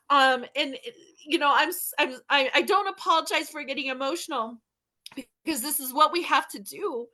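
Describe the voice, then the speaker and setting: A woman's voice: high-pitched, normal speed, pushed and bright. A mother hosting a podcast over a video call, speaking with emotional outrage and firing off rhetorical questions. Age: young adult to middle-aged, a mother. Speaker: podcast host. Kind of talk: impassioned talk on a video call.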